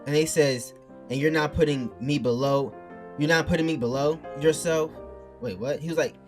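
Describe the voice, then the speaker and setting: A man's voice: fairly high pitch, steady tone, moderate pace, darkish tone, soft background music. Rambling man ranting to viewers. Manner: rambling, reads chat messages aloud and argues back. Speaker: streamer. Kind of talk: casual rant to viewers. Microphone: mic turned backwards.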